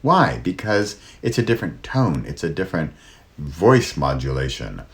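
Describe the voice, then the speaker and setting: A middle-aged man hosting his own solo talk, shifting his pace and loudness and dropping to near whispers to show how pauses work. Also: deep voice, very animated. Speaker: host.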